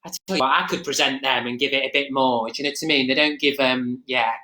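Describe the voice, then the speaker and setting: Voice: medium pitch, fairly even intonation, quick pace, pushed and bright, lightly acted. A performer playing Mrs Mabel Green, a chatty, gossipy middle-aged Nottingham woman with an East Midlands accent, rambling through a comic live-stream monologue. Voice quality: rambling, gossipy, with many fillers and asides. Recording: echoey room.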